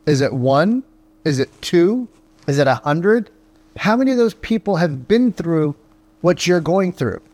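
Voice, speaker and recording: Speaking in a sing-song, somewhat high and slightly mellow voice, a man plays sales coach on a motivational podcast. He peppers his monologue with rhetorical questions and "right?" tags and acts out quick phone-call voices.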